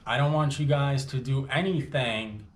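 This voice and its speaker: A man from Canada giving a rambling, animated comedic monologue full of jokey asides and sudden loud bursts. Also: medium pitch, normal speed. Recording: roomy echo, faint background ambience.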